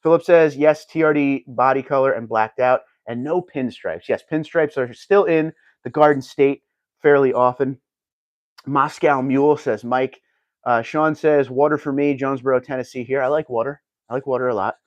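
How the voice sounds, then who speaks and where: A man's voice: medium pitch, fairly even intonation, normal speed, no echo, muffled recording. A man hosting a casual livestream, chatting and reading viewer comments aloud. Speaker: livestream host reading chat.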